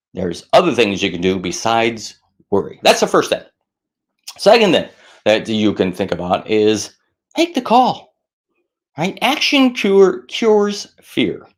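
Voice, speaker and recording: A middle-aged man speaks to camera with casual advice about managing stress. His delivery is animated and self-deprecating, and he acts out worried voices in a higher register.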